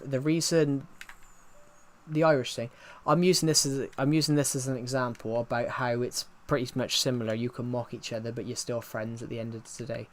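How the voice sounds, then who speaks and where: A man, chatting casually on a live stream, answering chat with many fillers and restarts. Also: mid-range voice. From England.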